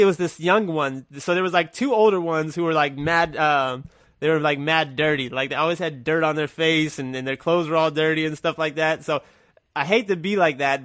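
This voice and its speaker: A man's voice: fairly high pitch, fairly bright tone, dry recording, studio quality. A man guest with a stuffy nose, telling a loose, rambling story in casual talk.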